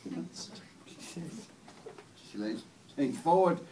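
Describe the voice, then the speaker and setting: An English man with a rambling, giggly stand-up delivery. His voice is fairly high and swings freely. It comes from a distant mic in a small venue, with faint noise behind. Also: animated, slow, warm tone. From England. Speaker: comedian. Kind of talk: stand-up comedy.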